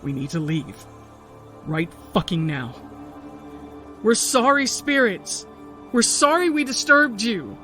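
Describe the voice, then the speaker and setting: A woman voicing a panicked young man who shouts urgently as he flees the woods. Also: sits low, expressive, takes it slowly, soft background music.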